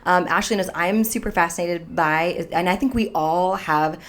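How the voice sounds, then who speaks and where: A woman's voice: on the low side, normal speed. A woman co-hosting a podcast, asking her guest a question in a curious, conversational way. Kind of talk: casual interview conversation.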